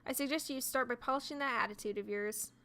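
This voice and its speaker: A woman's voice: sits high, quick pace, pushed and bright. A woman voicing a snide, mocking witch.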